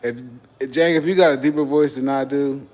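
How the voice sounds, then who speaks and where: A man's voice: medium pitch, steady tone, moderate pace, a little mellow. Profane, joking young streamer man. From Texas. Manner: profane, joking, banters with chat. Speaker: livestream host. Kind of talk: casual livestream chat reacting to viewers.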